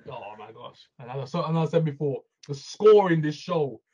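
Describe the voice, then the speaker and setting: An excitable man co-hosting a casual chat about a TV show, with a notably high, husky voice. He laughs often and swears freely. The recording is muffled and dull. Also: a little fast. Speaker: podcast co-host.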